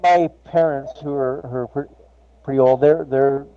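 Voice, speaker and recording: A grieving man tells a personal story in an interview, halting and restarting often. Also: medium pitch, fairly even intonation. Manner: halting, many restarts and fillers. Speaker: guest. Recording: slightly muffled with faint ambience.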